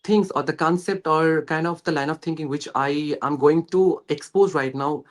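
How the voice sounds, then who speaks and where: A man's voice: on the high side, normal speed. A young man from West Bengal with an Indian English accent, earnestly explaining his learning journey in a casual conversation, with many hesitations and fillers. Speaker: guest.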